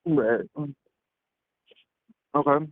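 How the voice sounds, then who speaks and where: Speaking very slowly, a man calls in to argue in a casual debate, blunt and scoffing as he talks over the other person. The audio is dry and comes through a tinny, phone-like line.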